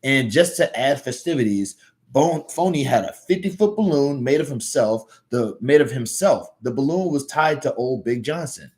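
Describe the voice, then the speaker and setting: A man's voice: medium pitch, expressive, moderate pace, a little mellow, close to an everyday voice. A man with a Southern US accent voicing an earnest, good-natured little male cartoon hero telling a story.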